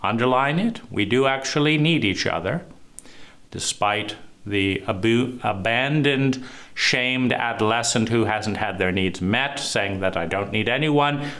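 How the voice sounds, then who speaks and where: A man giving a recorded talk on trauma and adult love, emphatic and rhetorical, stressing words with swings in pitch and pace. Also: measured pace, a bit bright. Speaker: trauma therapist teaching.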